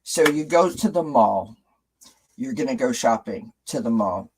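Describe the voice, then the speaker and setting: A man's voice: mid-range voice, lively intonation, measured pace, breathy edge, rough recording. A man hosting a casual live stream, chatting with viewers, reading out their comments and asking them rhetorical questions, often restarting his sentences.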